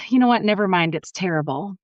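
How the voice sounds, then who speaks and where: A woman's voice: medium pitch, expressive, moderate pace, no echo, muffled recording. A middle-aged woman from Canada chatting casually as a podcast guest, laughing often. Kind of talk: casual chat.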